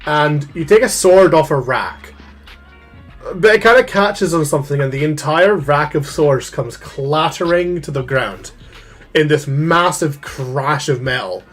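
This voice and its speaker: Young male game master, chatty narrator, higher register. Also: unhurried, soft background music.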